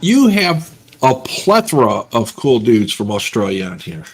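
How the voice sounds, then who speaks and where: A man talks casually and teases in a light way. His voice sits at an ordinary middle pitch. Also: sing-song, a little slow, breathy edge. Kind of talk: casual chat.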